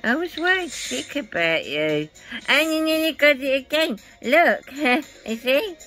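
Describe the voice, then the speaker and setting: A woman with a fairly high voice chats slowly and fondly to the screen, laughing softly between lines. She frets aloud and dotes on the game host. Casino game music plays clearly behind her. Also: very animated. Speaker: streamer talking to a live casino game host. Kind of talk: casual chat to the screen.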